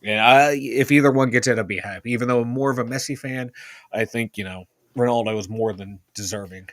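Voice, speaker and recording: A man's voice: medium pitch, fairly quick, no echo. Casual, swearing Pittsburgh podcast guy. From Pittsburgh area. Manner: loose, swearing, lots of "like" fillers. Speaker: podcast co-host. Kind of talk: casual sports chat.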